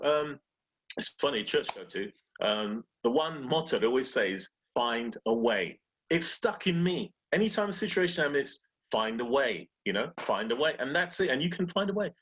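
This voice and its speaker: A man with a husky, slightly high voice gives a casual motivational talk at normal speed about beating fear and growing. He's animated, acting out little inner voices as he goes.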